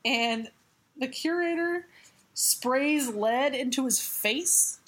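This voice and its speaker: A woman's voice: high voice, slow pace, a bit bright. A woman co-hosting a comic book podcast, recapping a story in casual, sarcastic, profane chat and laughing often. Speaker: podcast co-host.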